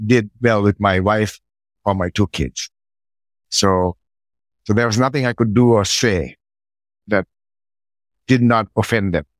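A man's voice: lowish voice, no room sound. Middle-aged man telling a personal story. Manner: anecdotal, acts out his own side of conversations. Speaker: podcast guest. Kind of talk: conversational storytelling.

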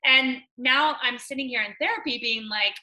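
A young woman on a podcast telling a personal story in a chatty way, full of "like" and loud acted-out quotes. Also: sits high, normal speed, low-quality recording. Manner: chatty, many "like" fillers, acts out quotes loudly. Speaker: podcast guest.

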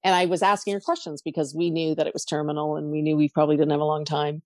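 Middle-aged Canadian woman, low voice, animated storyteller, dry close recording. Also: fast talker, no echo. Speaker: podcast guest, coach. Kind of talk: casual interview talk.

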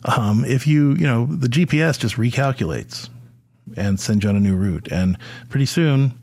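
A man's voice: medium pitch, lively intonation, moderate pace, creaky, a little mellow, breathy edge. A middle-aged man hosting a podcast, speaking to fathers about faith in a conversational way with frequent fillers and restarts. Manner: conversational, with many fillers and repeated words. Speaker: podcast host. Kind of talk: faith talk addressed to fathers.

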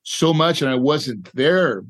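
A man's voice: on the high side, animated, slow pace. Emotional man telling a personal story. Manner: emotional, repetitive, says "right?" and "dude" often. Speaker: podcast guest, real estate investor. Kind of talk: candid storytelling interview.

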